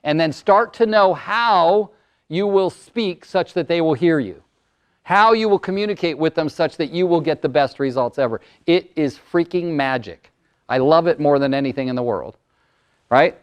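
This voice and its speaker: A man in his sixties, a motivational speaker and coach, telling stories and acting out voices in a lively workshop talk to an audience. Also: on the high side, moderate pace, clear, resonant tone. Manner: animated storyteller, acts out client voices.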